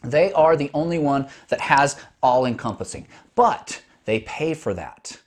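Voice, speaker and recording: Male podcast host, doctor, mid-pitched and animated, explains conversationally with restarts. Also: unhurried.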